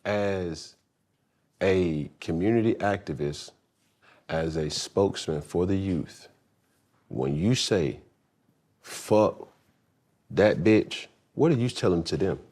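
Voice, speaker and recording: A very deep-voiced man conducts an interview. He asks measured, probing questions. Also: animated, a little mellow.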